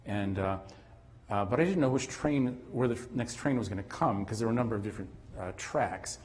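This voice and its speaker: A man's voice: fairly low pitch, a little fast, a little mellow. A man giving a lecture at a conference, rambling with restarts and now and then imitating sounds. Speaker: conference speaker. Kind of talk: academic lecture. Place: conference hall. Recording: long reverb in a hall.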